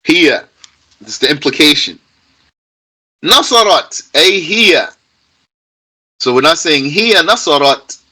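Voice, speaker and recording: A man teaching grammar to a live class, slow and lively in pitch, often repeating himself for emphasis. His tone is bright with a slightly husky edge. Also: poor audio. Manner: patient, repeats key points, emphatic stress.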